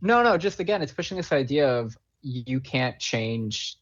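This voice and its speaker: A man's voice: medium pitch, animated, normal speed, muffled recording. A man appearing as a writer guest on a podcast, talking passionately about a film's themes and swearing freely. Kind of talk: casual film discussion.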